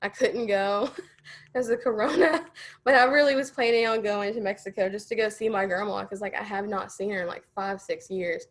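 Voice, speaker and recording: A woman's voice: medium pitch, moderate pace. Woman sharing a personal story, hesitant. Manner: hesitant, with many fillers and nervous laughs. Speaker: interviewee.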